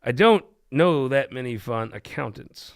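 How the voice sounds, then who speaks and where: A man's voice: mid-range voice, lively intonation, a little slow, creaky. A man hosting a political talk show, telling jokes and chatting in a rambling, irreverent way. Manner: irreverent, rambling, laughs at his own jokes. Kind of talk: casual joke-telling chat.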